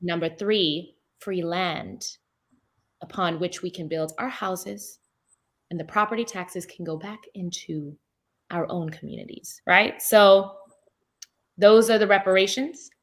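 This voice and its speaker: A woman's voice: lowish voice, measured pace. A woman answering as a game show contestant, laid-back and joking with casual slang.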